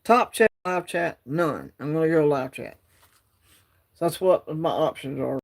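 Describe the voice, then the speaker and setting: A man hosts a casual livestream from his phone, rambling in a drawl and reading the chat aloud. His voice is fairly high, expressive and creaky, and he speaks at a measured pace.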